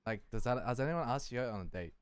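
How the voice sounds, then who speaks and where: A man's voice: medium pitch, expressive, fast talker, clean tone, no room sound. A man hosting a casual chat, rambling and repeating himself, swearing and laughing often. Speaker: podcast host.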